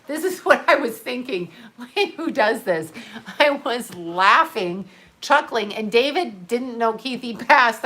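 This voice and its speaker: Middle-aged woman, livestream host, grieving; slow, halting, filler-heavy delivery with a bright edge. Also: medium pitch. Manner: halting, emotional, many fillers and restarts, swears casually. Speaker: livestream host reading viewer comments. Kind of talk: unscripted livestream talk.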